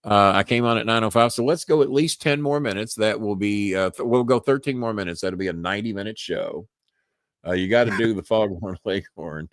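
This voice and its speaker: An older man with a Southern accent hosts a live podcast, his voice sitting very low. He rambles, restarts words and chuckles often. The sound is dry, with no room echo. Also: a little fast. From Louisville, Kentucky. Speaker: podcast host. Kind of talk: casual live-stream chat.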